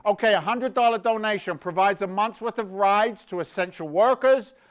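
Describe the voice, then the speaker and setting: An energetic man emceeing a virtual charity gala, joking and rambling as he urges viewers to give. His voice sits fairly high for a man and comes across smooth and clear. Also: moderate pace. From London. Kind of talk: fundraising hosting. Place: virtual event, live stream.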